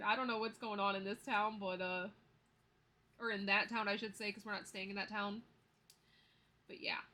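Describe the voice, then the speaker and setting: Her voice is medium in pitch, pushed and bright: a budgeting vlogger in her thirties chatting to camera while she counts cash. She tells stories, counts the bills aloud, and laughs with ease.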